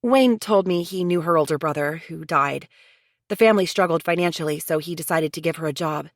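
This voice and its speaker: A determined widow, firm and reassuring, her voice a touch brighter than the narration, played by the woman narrator. The reading is dry and close to the mic. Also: low voice, fairly quick, no echo. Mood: explaining. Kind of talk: audiobook character voice.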